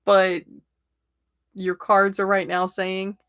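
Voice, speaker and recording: Middle-aged woman, casual stream host; slow, rambling delivery with a gravelly edge. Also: medium pitch, monotone, fairly bright tone, no room sound, studio quality. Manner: chatty, rambling, laughs often. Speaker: tarot reader and livestream host. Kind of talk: casual livestream chat.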